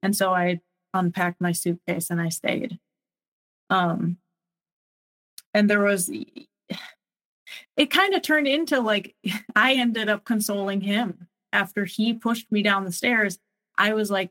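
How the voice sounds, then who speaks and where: A young adult woman telling her own story in an interview, speaking haltingly with many pauses and restarts. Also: medium pitch, a bit bright, low-quality recording. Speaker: guest sharing her story. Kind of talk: personal testimony interview.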